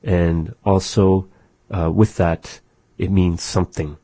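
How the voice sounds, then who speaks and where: In a radio studio, a man with a very low, dark voice teaches a language lesson, speaking slowly and patiently in a steady tone. He repeats each phrase and breaks it down, and the recording is dry and close with no room sound.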